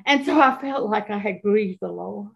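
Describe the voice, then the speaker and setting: A woman in her eighties giving an earnest faith testimony, halting often and repeating her words. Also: mid-range voice, vocal fry. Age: 80s. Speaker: guest.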